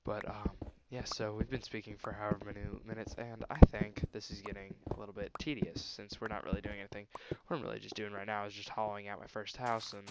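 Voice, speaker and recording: A man's voice: on the low side, flat delivery, fast talker, few pauses. A young man commenting on his own gameplay in a silly, mock-grand voice, speaking to the animals and trees. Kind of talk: let's play commentary. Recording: noisy amateur recording.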